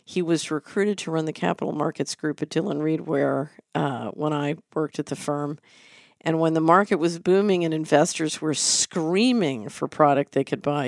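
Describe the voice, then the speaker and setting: Earnest, fairly high-voiced male host. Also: moderate pace, creaky, dry recording, studio quality. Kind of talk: solo commentary on markets and politics.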